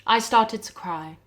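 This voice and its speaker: An actress playing a young wife who records a shaken video message to her mother, speaking softly and haltingly. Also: a little high, low-quality recording. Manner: soft, hesitant, halting delivery with quiet dips. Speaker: actor in a short film. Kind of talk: dramatic monologue as a video message.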